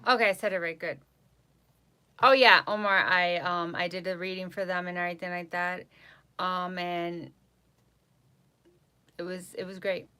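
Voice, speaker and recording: A woman from New York talks casually to her live-stream viewers, repeating phrases and stumbling over names. Her voice sits a little low but has a bright, forceful edge. The New York accent comes through plainly. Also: fairly even intonation, moderate pace, long pauses, clear, resonant tone. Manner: chatty, repeats herself, reads viewer names aloud. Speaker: psychic livestream host.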